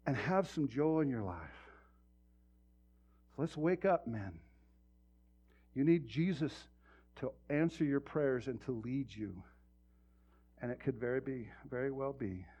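A man's voice: mid-range voice, warm tone, husky. A male pastor delivering a sermon in a church, talking directly to the congregation with rhetorical questions. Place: church sanctuary. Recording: muffled lo-fi sermon recording.

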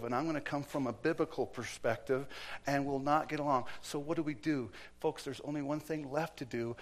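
Guy preaching in church, animated, goes loud then hushed, mid-pitched voice. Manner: animated storytelling with acted quotes, shifting between loud and hushed. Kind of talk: sermon.

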